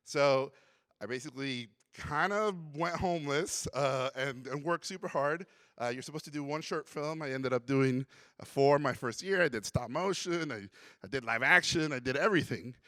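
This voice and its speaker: A man from Mexico giving a conference talk, telling his story in an animated way and acting out the voices of others. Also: mid-range voice, normal speed, dry recording, studio quality. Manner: animated storyteller who acts out quotes. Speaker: conference speaker. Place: conference hall.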